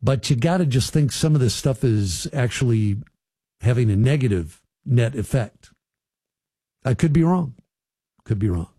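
A man's voice: medium pitch, lively intonation, unhurried, pauses often, dark tone, slightly rough, no room sound. A man hosting a radio talk show, chatting casually with listeners and riffing on the news with folksy asides. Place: radio studio.

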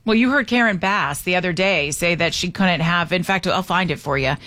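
A woman's voice: lowish voice, brisk. Sarcastic female talk radio host. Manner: animated, sarcastic asides. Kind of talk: opinionated talk radio chat. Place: radio studio.

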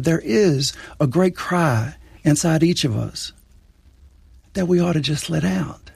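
A man's voice: a little high, expressive, normal speed, creaky, darkish tone, slightly rough, no echo. A man, a writer and interview guest, telling a personal story in an earnest, reflective way.

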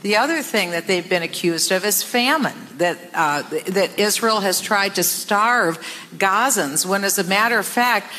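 A woman's voice: mid-range voice, lively intonation, moderate pace, sharp tone, big-room sound. A woman making assertive, emphatic political talking points in a played clip.

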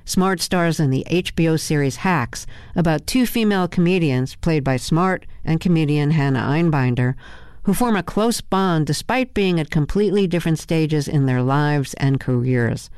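A woman radio host reading a measured, scripted introduction. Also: deep voice, lively intonation, a little mellow, clean tone, no room sound, studio quality. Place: studio.

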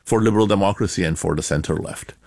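A man, an author and academic, answering interview questions in a measured, explanatory way with bursts of emphasis. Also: low-pitched, gravelly, darkish tone, slightly rough, no room sound, clean studio sound.

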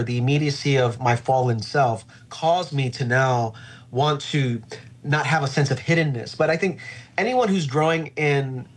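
A man's voice: medium pitch, husky. A middle-aged male pastor talking in a reflective, earnest way with frequent fillers during an interview. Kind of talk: conversational podcast interview.

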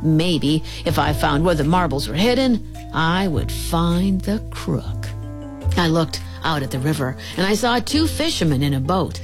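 A woman reading a children's detective story aloud, lively and playful, lightly voicing the characters. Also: low-pitched, unhurried. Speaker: narrator of a children's mystery story. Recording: music playing under the reading.

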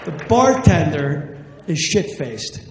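A middle-aged man telling a stand-up story, animated and shouting his punchlines. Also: a little high, takes it slowly, a crowd in the background. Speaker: stand-up comedian. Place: comedy club stage. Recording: roomy hall with faint noise.

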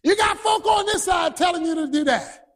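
A man preaching a sermon to a congregation, storytelling with bursts of shouted emphasis. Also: very high voice, normal speed, a faint crowd. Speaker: pastor. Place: large church hall. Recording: reverberant hall, husky tone.

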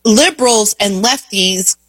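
A woman's voice: medium pitch, slow pace, fairly bright tone, slightly rough, no room sound. A woman hosting a talk show, delivering an emphatic, opinionated monologue full of rhetorical questions. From Indiana, US.

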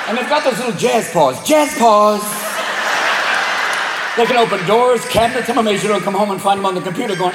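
A man doing a profane stand-up routine, switching rapidly between voices. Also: high voice, lively intonation, background noise. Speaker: stand-up comedian. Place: live comedy venue. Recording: echoey live venue, loud crowd.

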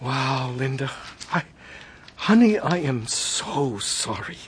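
A gentle, reassuring husband. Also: male voice, mid-range voice, sing-song, slow pace, husky, full character voice. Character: caring, steady husband, man.

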